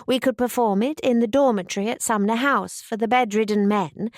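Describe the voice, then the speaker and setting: A woman's voice: on the high side, a little fast, a little mellow, no room sound, clean studio sound, close to an everyday voice. A woman voicing an eager, bubbly young woman who gushes with enthusiasm. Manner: eager, gushing.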